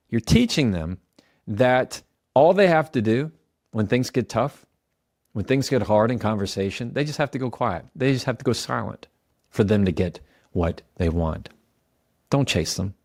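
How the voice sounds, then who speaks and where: A man's voice: mid-range voice, darkish tone, no room sound, studio quality. A man giving a motivational advice talk, speaking directly and coaching the listener, often repeating example phrases aloud.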